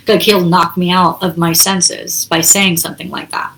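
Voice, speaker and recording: A woman's voice: fairly low pitch, lively intonation, measured pace, creaky, fairly bright tone, poor audio. A woman hosting a self-help talk, explaining in a casual, conversational way with frequent laughs and quoted examples. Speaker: self-help channel host.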